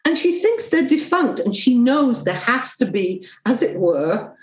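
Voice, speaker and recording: A woman's voice: fairly high pitch, sing-song, a little slow, reverberant, poor audio. A woman author being interviewed, talking in a thoughtful, digressive way, often acting out quotes. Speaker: author and guest. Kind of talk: conversational interview.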